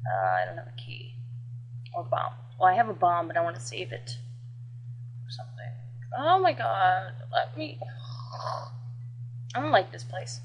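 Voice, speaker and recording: A woman's voice: medium pitch, normal speed, pauses often, poor audio. Chatty woman doing gameplay commentary. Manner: chatty, excitable, swears and jokes while playing.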